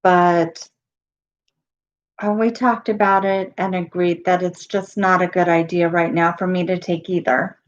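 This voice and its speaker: A middle-aged woman chatting casually on her live stream, losing her voice and pausing often with ums. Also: lowish voice, level tone, muffled recording. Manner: halting, with many pauses and ums.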